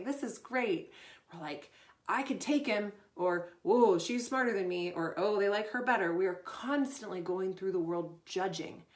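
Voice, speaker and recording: Chatty woman coach in a roomy room. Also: medium pitch. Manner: chatty, conversational, many fillers. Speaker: performance coach. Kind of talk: casual Q&A advice talk.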